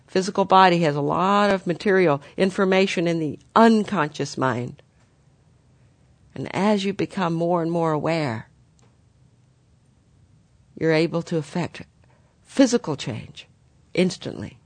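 Spiritual teacher, gentle guiding delivery, mid-pitched voice, dry and close recording. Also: unhurried, long pauses, no room sound. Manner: gentle, guiding, addresses listeners as "dear ones".

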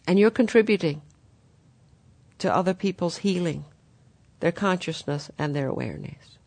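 A spiritual teacher giving a guiding talk in a gentle manner, addressing the listeners as dear ones. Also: mid-range voice, animated, normal speed, creaky, dry recording.

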